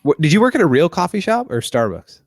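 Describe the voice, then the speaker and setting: A young man hosting a casual podcast chat, animated and acting out what other people say. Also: on the high side, fast, creaky, no room sound, clean studio sound. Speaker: podcast host.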